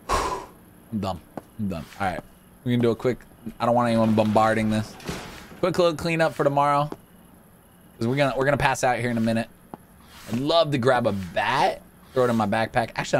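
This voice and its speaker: A man hosting a casual let's-play video, excitable and jokey, chatting to the game's characters as he plays. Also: on the low side, normal speed, pauses often, slight background noise. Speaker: gaming video host.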